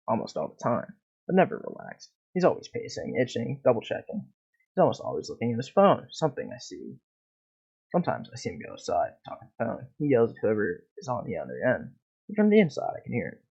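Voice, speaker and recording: Gravelly, lively-voiced man reading a game. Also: medium pitch. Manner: expressive, swearing asides. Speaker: gamer reading a story game aloud. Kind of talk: reading a story game aloud with reactions. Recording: dull lo-fi, faint game music.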